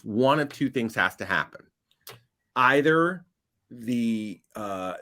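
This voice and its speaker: A man telling a long anecdote as a podcast guest, animated and building to loud punchlines. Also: medium pitch. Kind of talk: casual storytelling.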